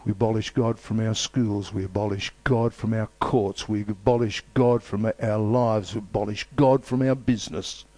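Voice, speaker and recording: A man preaching a sermon with emphatic, repetitive phrasing and dramatic pauses. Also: lowish voice, fairly even intonation, warm tone.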